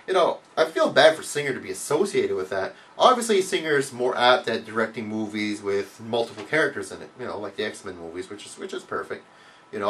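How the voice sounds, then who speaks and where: Animated, profanity-heavy male vlogger. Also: distant mic, slight background noise. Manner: swears a lot, mocks with loud high outbursts. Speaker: vlog host answering viewer questions. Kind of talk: casual profane rant to camera.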